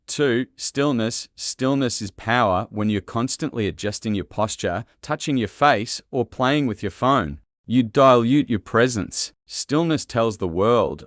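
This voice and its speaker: A man giving calm, measured, scripted self-help narration in an instructive tone. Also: mid-range voice, no room sound, studio quality.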